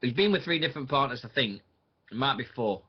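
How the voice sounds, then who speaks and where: A man's voice: medium pitch, animated, fast, breathy edge. Rambling man, lo-fi. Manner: rambling, thinking aloud with many fillers. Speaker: radio show host. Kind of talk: casual online radio chat.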